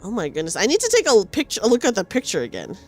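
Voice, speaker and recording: Bubbly woman streamer, lively pitch. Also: very fast. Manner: bubbly, upbeat greetings. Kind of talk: casual livestream chat. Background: faint game music.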